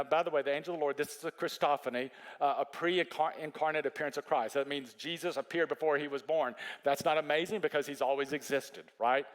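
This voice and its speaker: Man, pastor, sermon, high voice, animated storytelling. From Texas. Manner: animated storytelling, rising high when emphatic.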